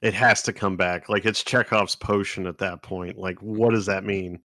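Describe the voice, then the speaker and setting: Low-voiced, crude joking man. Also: fairly even intonation, normal speed, pushed and bright, no room sound. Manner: crude, joking, laughs at his own lines. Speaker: podcast co-host. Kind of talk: casual book-club chat.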